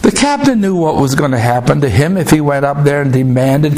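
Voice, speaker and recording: A man preaching a sermon, slowly retelling a scripture story with emphatic asides to the congregation. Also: a little high, animated, a little mellow, slight background noise.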